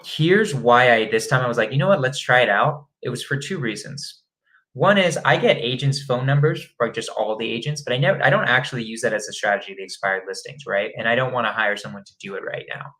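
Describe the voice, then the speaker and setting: Bright-voiced man coaching casually. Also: medium pitch, fast, rough recording. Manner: rambling, chatty, laughs at himself. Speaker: real estate wholesaling coach. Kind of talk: casual live-stream teaching.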